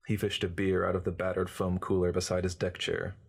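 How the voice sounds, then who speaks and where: A man reading a short story aloud in a measured, wry first-person narration. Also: deep voice, completely flat delivery, creaky, breathy edge. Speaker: reader. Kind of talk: audiobook narration.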